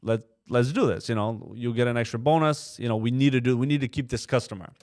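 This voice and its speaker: Animated storytelling man, lots of "you know". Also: medium pitch, fast. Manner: animated storyteller, acts out quoted voices, many fillers like "you know". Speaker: trucking company co-owner, podcast guest. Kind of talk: casual storytelling in a podcast interview.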